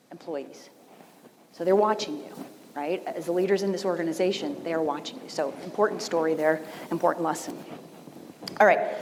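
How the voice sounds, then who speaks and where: A woman speaks from the stage at a conference keynote, telling stories in a chatty way and often asking "right?". Her voice sits a little low. It rings with long reverb in a big hall over a faint background hum. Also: darkish tone. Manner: conversational, storytelling, frequent "right?" asides. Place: large event hall.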